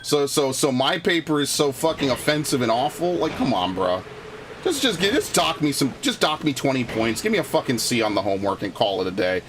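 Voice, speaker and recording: A man's voice: mid-range voice, sing-song, a little fast, fairly bright tone, a little hiss or hum. A man streaming a video game, chatting casually and ranting heatedly with lots of swearing and restarts. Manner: profane, heated storytelling with frequent restarts. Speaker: gaming streamer. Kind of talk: casual gameplay commentary and ranting.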